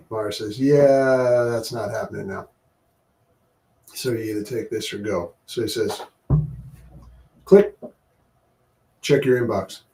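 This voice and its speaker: A man's voice: medium pitch, gravelly, warm tone, slight background noise. A man co-hosting a podcast in casual chat, laid-back and plain-spoken. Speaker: podcast co-host. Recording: distant from the mic.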